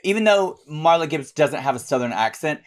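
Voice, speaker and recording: A man co-hosting a podcast in casual chat, reacting with quick, agreeable remarks. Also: a little high, lively intonation. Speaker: podcast co-host.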